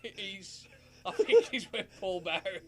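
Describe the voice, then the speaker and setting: A man's voice: high voice, expressive, takes it slowly. A man co-hosting a wrestling podcast, laughing as he retells stories. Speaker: podcast co-host. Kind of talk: casual wrestling chat.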